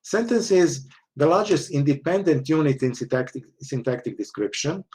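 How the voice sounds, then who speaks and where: A man's voice: fairly high pitch, lively intonation, moderate pace, a little mellow. Man lecturing, constant "okay?" checks. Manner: frequent "okay?" checks, restarts, explanatory. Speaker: university lecturer. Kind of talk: online lecture.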